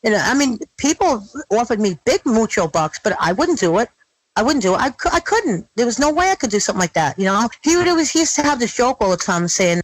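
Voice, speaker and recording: A middle-aged woman telling her story in an interview, blunt and animated, swearing freely. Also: medium pitch, dry recording, rough recording. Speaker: guest.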